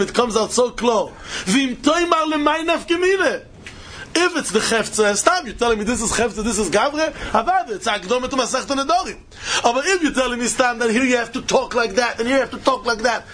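A man's voice: very high voice, a bit bright, a little hiss or hum. A man giving a Talmud study lecture in a sing-song style, mixing in Yiddish and Hebrew terms and rising into questions. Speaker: Talmud teacher.

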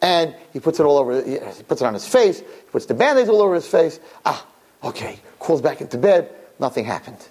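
A man, a rabbi, giving a Torah lesson and telling a parable in an animated way, often asking "right?". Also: on the high side, brisk. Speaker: rabbi teaching students.

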